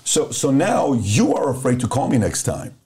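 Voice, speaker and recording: Podcast host guy, warm low tone, counting off points one two three, chatty and direct. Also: wildly swooping pitch, moderate pace. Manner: explains step by step, counting off points; direct and conversational. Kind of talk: casual podcast conversation.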